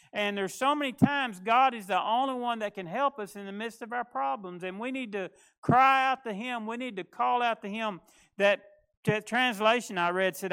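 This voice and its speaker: High-voiced man preaching folksy. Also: a bit bright, clear, resonant tone. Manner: folksy, conversational preaching with restarts. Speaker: pastor. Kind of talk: sermon.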